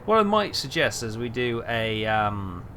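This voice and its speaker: A man chatting his way through a trucking stream, thinking aloud and trailing off into fillers. His pitch swings widely as he talks, over a faint background hum. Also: big pitch swings, unhurried. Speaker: game streamer. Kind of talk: casual gameplay chat.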